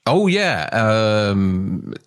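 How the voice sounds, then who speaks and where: A man's voice: lowish voice, very animated, drawn-out words, clear, resonant tone. A man co-hosting a casual chat show, laughing often and bantering. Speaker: co-host.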